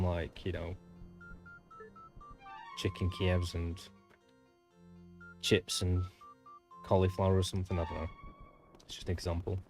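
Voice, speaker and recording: A man chatting casually with viewers while streaming a game, rambling from topic to topic with mild swearing. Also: sits low. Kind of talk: casual gameplay commentary.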